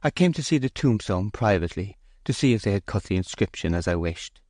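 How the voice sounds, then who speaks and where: A man's voice: on the low side, animated, brisk, darkish tone, no echo, clean studio sound. Man voicing a proud grieving young farm mistress. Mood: wistful. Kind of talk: audiobook character voice.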